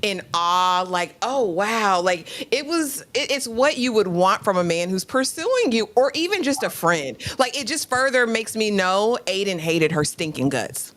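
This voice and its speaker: A woman co-hosting a live TV recap, talking in a relaxed, thoughtful, conversational way. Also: medium pitch, moderate pace, few pauses. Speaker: co-host reviewing a TV episode. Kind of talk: casual live recap chat.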